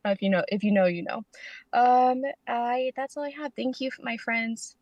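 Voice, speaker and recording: A woman's voice: fairly high pitch, moderate pace, darkish tone, no echo, highs cut off. A woman sharing at a recovery meeting from her parked car over a video call, rambling and self-deprecating with jokes. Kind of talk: casual recovery meeting share.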